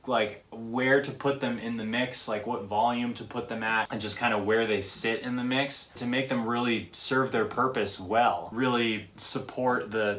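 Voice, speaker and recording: Man, somewhat low voice, casual music commentary, chatty, analytical, frequent fillers. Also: a bit bright. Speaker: music reviewer.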